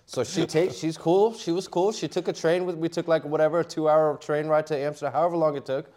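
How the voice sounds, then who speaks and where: Middle aged guy telling a crazy story, kinda high voice, lots of likes and laughs. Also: quick pace. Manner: animated, laughing, full of fillers and restarts. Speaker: poker player guest. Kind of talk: casual storytelling.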